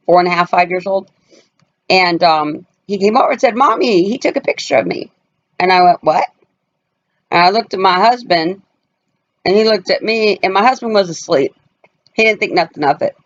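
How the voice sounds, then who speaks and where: This family vlogger, a woman with a lowish voice, addresses her audience directly as she recounts something from her own life. She's casual but emphatic, hammering each point and mimicking the people she quotes, all captured in rather dull, lo-fi sound.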